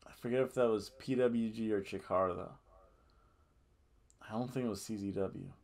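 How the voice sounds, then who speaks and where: A man hosting a casual wrestling review podcast, rambling and animated, often laughing and booing in mock outrage. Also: fairly low pitch, moderate pace, creaky. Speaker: podcast host.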